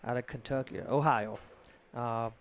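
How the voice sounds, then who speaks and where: A man's voice: mid-range voice, steady tone, measured pace, a little hiss or hum. A man with a Southern US accent from Georgia, chatting in a rambling, joking way as a commentator on a live pool stream. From Georgia, USA. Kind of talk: casual live-stream chat.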